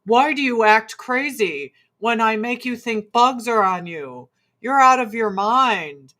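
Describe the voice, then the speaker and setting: A woman doing a smug, condescending husband. He taunts his wife in a lightly pitched, mocking voice. The tone stays casual and dismissive. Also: animated, slow pace, a bit bright.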